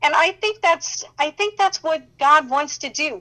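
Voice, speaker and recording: A fairly high-voiced woman tells her faith testimonies with lively emphasis. She laughs often between phrases and keeps turning to the listener with quick check-ins. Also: low-quality recording. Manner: animated, emphatic, laughs often while talking; addresses listener directly with "okay?" and "you know".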